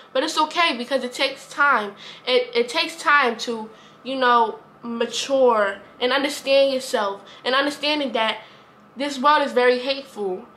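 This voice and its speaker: A woman vlogger with a high, pushed, bright voice talks earnestly to the camera. Her heartfelt, casual monologue rambles and she keeps repeating herself.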